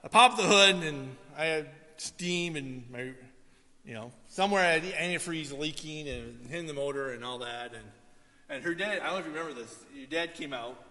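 A male pastor, preaching a sermon in a relaxed, storytelling way with asides to the congregation. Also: on the high side, moderate pace. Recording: long hall reverb.

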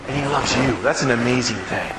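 A man's voice: mid-range voice, fairly quick. A man preaching as a pastor, telling a story conversationally and acting out both sides of the dialogue. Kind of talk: sermon storytelling. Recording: echoey hall with background noise.

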